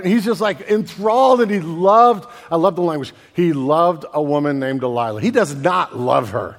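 A man preaching a sermon as pastor, casual and animated, using slang and acting out voices. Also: high voice, a little fast, few pauses, long reverb tail.

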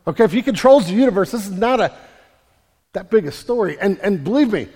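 A pastor preaching an emphatic sermon in a church, often repeating words and swinging from loud to quiet. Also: male voice, high voice, lively intonation, fast, husky. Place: church sanctuary. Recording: long hall reverb.

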